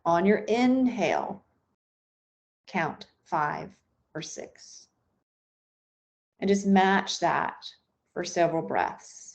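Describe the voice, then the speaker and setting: Slow, calm woman guiding a meditation. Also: fairly low pitch, creaky. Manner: slow, soothing, unscripted guidance with fillers. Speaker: meditation instructor. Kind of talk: guided meditation.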